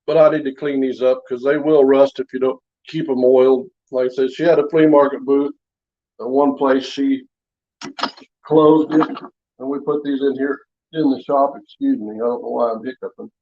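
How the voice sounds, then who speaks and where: A man's voice: medium pitch, fairly even intonation, normal speed. Guy showing off his homemade knives in his shop, easygoing rambling talk, kinda dull lo-fi sound. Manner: rambling, folksy, down-to-earth. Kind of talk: casual show-and-tell chat. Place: home workshop.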